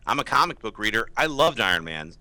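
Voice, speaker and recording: A man's voice: mid-range voice, very animated, quick pace, bright, forceful tone, no room sound. A male co-host losing his voice, giving emphatic, opinionated takes in a casual panel chat. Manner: opinionated, emphatic, mocks fan complaints. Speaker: movie show co-host.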